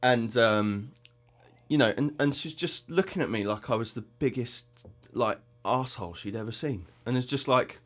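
A man's voice: medium pitch, moderate pace, a bit bright, faint music behind. A man, co-hosting a podcast in casual, rambling chat. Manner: rambling, mocking storyteller. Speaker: podcast co-host.

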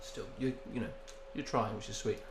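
A man's voice: on the low side, fairly even intonation, normal speed, a little hiss or hum. Joking man in a roomy room. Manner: joking, mock-exasperated banter. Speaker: podcast co-host. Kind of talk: casual chat. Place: at home, early morning. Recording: roomy echo.

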